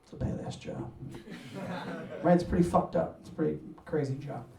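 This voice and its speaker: Man from new york, stand-up comedian, animated and profane, roomy distant sound. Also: a little high, normal speed, gravelly. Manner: animated, profane, acts out family voices. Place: apartment living room.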